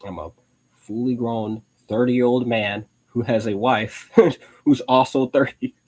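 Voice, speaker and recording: A man's voice: medium pitch, fairly even intonation, a little slow, a little mellow, low-quality recording. A young man hosting a live online show, chatting casually in a rambling way with frequent restarts and laughs. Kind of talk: casual live-stream chat.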